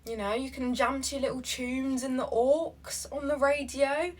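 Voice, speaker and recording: A woman's voice: sits high, fairly even intonation. Brash, profane young woman. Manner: brash, profane and sassy, with fast bursts. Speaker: reaction video host. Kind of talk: casual chat reading posts aloud.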